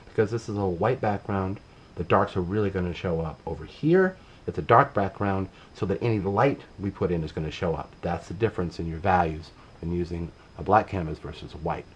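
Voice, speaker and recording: A middle-aged man giving a casual painting demonstration, relaxed and talking while he works, often trailing off mid-sentence. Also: sits low, fairly quick, slightly rough, low-quality recording. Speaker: painting instructor.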